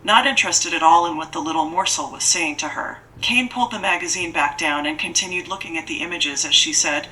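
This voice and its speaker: A woman narrating an audiobook in a steady, even storytelling manner. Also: sits low, fairly quick, few pauses. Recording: distant mic with faint hiss.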